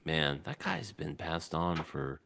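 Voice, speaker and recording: A man co-hosting a casual podcast chat, animated, often jumping into high mock voices for laughs. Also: slow pace, gravelly. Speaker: podcast co-host.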